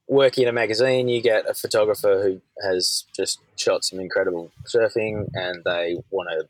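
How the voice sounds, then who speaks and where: Lower-voiced guy, chatty podcast guest, candid and measured, dry sound. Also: no echo, poor audio. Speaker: podcast guest, surf commentator. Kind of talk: casual conversational chat.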